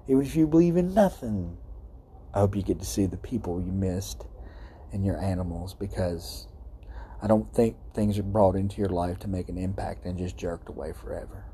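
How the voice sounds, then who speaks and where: A man's voice: low-pitched, normal speed, dark tone, slight background noise. A man hosting his own podcast, rambling and heartfelt, swearing freely as he talks outdoors at night. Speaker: podcast host. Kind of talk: casual solo podcast monologue.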